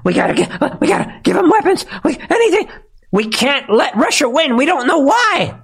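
A shrill, panicking warmonger, as a man puts him on to mock him. The pitch jumps far above his normal talk into a whiny falsetto. Lines tumble out fast and frantic. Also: sing-song, gravelly, exaggerated voice. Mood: frantic mockery. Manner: mocking falsetto, rushed and frantic.

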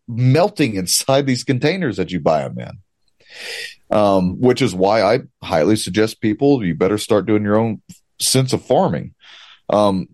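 A man's voice: fairly low pitch, darkish tone, no room sound. Emphatic man, sarcastic ranting. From United States. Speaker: guest commentator. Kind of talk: political commentary.

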